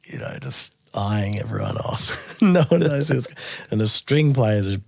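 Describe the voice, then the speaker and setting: A man's voice: fairly low pitch, unhurried, vocal fry, no room sound, studio quality. A man, a guest musician, telling a story in a casual interview, laughing often and acting out what people said. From Australia. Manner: animated, laughing storyteller who acts out quotes.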